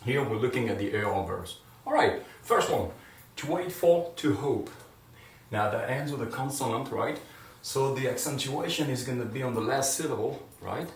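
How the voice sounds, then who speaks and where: An encouraging male teacher runs a video lesson and belts out words for his viewers to repeat. His voice has a middle pitch. It bounces around an echoey room and sounds a little far from the mic. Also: animated, normal speed. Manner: encouraging, loud drilled repetitions. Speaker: Spanish teacher.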